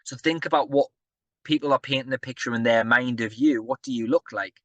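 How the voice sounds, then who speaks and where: A man's voice: mid-range voice, fairly quick, dull audio. A man delivering a motivational business talk in a mid-range voice. He speaks energetically and chattily, often asking the audience questions. The sound is dry and close, with little room echo.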